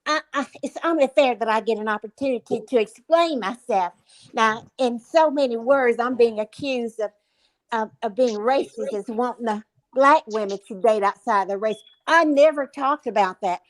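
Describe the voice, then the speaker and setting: Woman guest, Southern US accent, high and insistent, dry close sound. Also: normal speed, dry recording, poor audio. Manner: insistent, explaining herself. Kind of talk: casual discussion.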